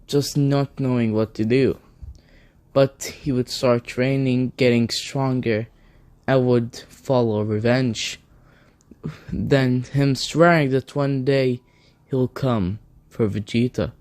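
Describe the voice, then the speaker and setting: A man's voice: mid-range voice, a little mellow. A man narrating an improvised fan story in a rambling way, linking events one after another. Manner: rambling, strings events together with "then". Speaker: video narrator.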